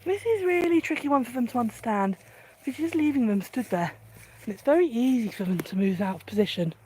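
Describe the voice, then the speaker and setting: A woman dog trainer giving a live demonstration, calmly explaining each step and breaking into high, gushing praise for her dog. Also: fast, a little hiss or hum.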